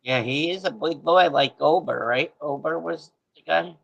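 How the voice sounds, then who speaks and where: Regular caller, man, fifties, gravelly and a bit high, rambling jokester. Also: normal speed, a bit bright, dull audio. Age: 50s. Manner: rambling, chatty, jokey. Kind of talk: casual call-in chat.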